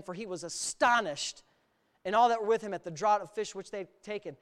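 A male pastor preaching an animated sermon, exclaiming often and laughing through his stories. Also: very high voice, fairly quick, clean tone.

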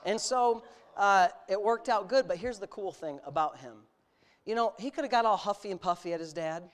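A middle-aged male preacher who tells a personal story in an easy, conversational way before building into bold, forceful exhortation. His voice sits at an ordinary pitch for a man and climbs to loud, emphatic peaks as he drives his points home. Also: normal speed. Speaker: pastor. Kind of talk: sermon.

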